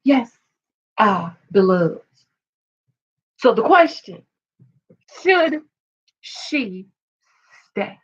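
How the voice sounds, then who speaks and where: A woman's voice: mid-range voice, very animated, extremely slow, long pauses, breathy edge. Chatty woman reading a story aloud. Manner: chatty, exclaiming asides. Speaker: storytelling video host. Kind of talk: casual story-time reading. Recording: dull lo-fi recording.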